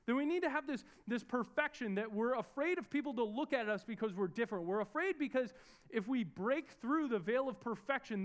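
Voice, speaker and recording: A man's voice: high-pitched, fairly bright tone. A young man preaching a sermon in church, earnest and storytelling, building up to emphatic peaks as he prays. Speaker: pastor. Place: church service in a room.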